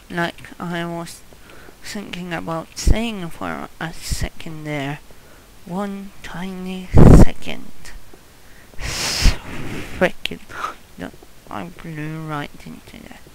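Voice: medium pitch, lively intonation, takes it slowly, noisy background. A gamer giving casual let's-play commentary on a custom map, talking to viewers and often gasping, laughing and swearing at the game. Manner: talks to viewers.

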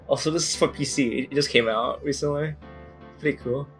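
A man hosting a casual gaming session, excitable and tripping over his words. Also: fairly high pitch, moderate pace, soft background music. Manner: excitable, stumbling. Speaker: host.

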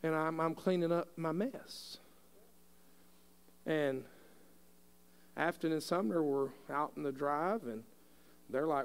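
Man, middle-aged, pastor, sermon, folksy storytelling, forceful preaching, high-pitched. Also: slow pace, long pauses, smooth.

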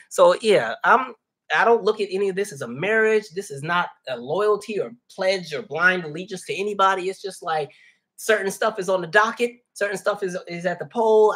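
A man's voice: high-pitched, fairly bright tone, slightly rough. A man hosting a livestream, talking casually with his viewers and calling them y'all. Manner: conversational, addresses viewers as y'all. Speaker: livestream host reading chat. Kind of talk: casual chat.

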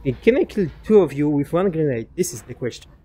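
A man's voice: fairly high pitch, sing-song, fast talker, warm tone. A young man giving casual let's-play commentary, chatting to enemies and muttering asides to himself. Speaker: gaming commentator.

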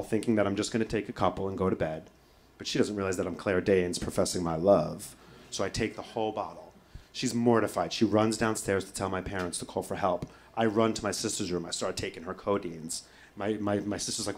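A male comedian telling a story on stage in an animated way, swearing freely and breaking into impressions. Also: medium pitch, fairly quick, slight background noise. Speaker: stand-up comedian. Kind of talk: stand-up storytelling. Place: stage before a live audience.

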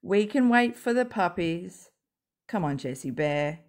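A woman with a croaky voice rambling sarcastically at home while smoking, as a YouTube commentator. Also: fairly low pitch, animated, unhurried, a little mellow. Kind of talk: rambling casual monologue.

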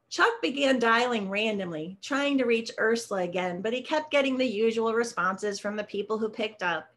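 A woman reads her own short story aloud in a measured, steady voice that sits a little high. She was recorded over a video call during a literary reading.

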